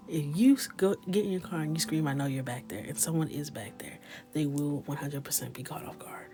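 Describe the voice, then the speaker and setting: A woman in her thirties chatting in a mostly whispered, joking way while coloring, with sudden loud shouts. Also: low voice. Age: 30s. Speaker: coloring livestreamer. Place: small closet with a ring light.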